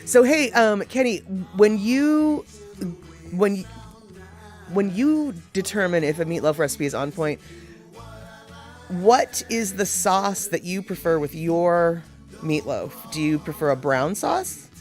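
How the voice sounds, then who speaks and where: A woman with a lowish, darkish voice hosts a casual live show, speaking slowly while faint music plays behind her. She chats with viewers and answers their comments in a self-deprecating, opinionated way.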